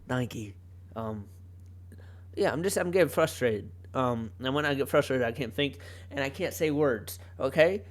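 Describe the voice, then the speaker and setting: A man's voice: on the high side, big pitch swings, normal speed. Young guy rambling into his podcast mic, voice jumping all over, keeps cutting himself off. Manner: rambling, self-interrupting, laughs often. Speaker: podcast host. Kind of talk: casual solo podcast rant. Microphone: home podcast mic.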